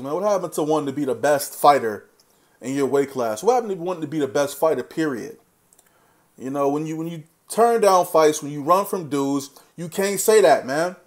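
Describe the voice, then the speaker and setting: A man ranting about boxing fighters in casual speech, blunt and heated, swearing freely and talking straight at the fighters he criticizes. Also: fairly high pitch. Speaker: boxing commentary vlogger. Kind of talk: opinionated casual rant.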